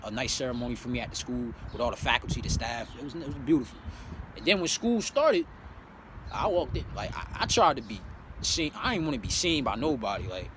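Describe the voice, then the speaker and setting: A young man in casual storytelling, animated and swearing freely, with many fillers. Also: mid-range voice, slight background noise. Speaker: vlogger.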